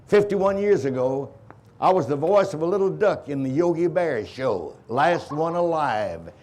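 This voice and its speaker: An older man leading a memorial ceremony, reciting a patriotic tribute in a solemn, measured way. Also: a little high, animated, darkish tone. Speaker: ceremony emcee.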